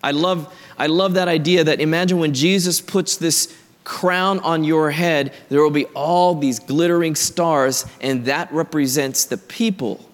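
A man preaching a sermon, telling a story in a lively, conversational way that builds to emphatic points. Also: on the high side, in a large hall. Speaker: pastor.

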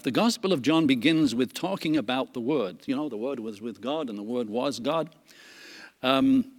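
A man leading a Bible study, reading scripture aloud earnestly, with frequent fillers and restarts. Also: medium pitch. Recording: long hall reverb.

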